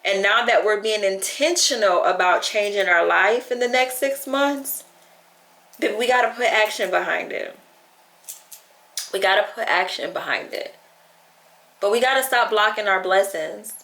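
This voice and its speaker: A woman's voice: medium pitch, a little slow, a bit bright. A woman vlogger talking to her camera, chatty and heartfelt, close to tears as she speaks. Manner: tearful and heartfelt, close to crying; chatty, lots of "like" and quoting herself. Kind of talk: emotional talk to camera. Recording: echoey room.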